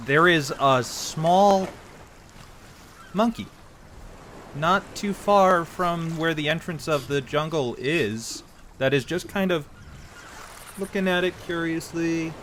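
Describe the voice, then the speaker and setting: Slow-paced man running a tabletop game. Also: on the high side, a little hiss or hum. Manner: relaxed, laughs often, hesitant fillers. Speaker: game master.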